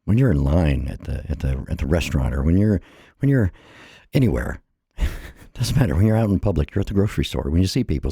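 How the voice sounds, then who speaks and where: A man's voice: very deep voice, big pitch swings, brisk, vocal fry, warm tone, breathy edge, no echo, studio quality. A middle-aged American man, a little out of breath, giving an earnest, impassioned personal monologue that repeats phrases for emphasis. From United States. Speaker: vlogger.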